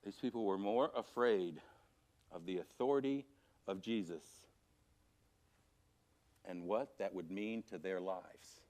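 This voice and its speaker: A man teaching a church Sunday school class from scripture, animated, swinging from loud emphasis to quiet, low passages. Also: unhurried, long pauses. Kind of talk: Bible teaching. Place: church auditorium.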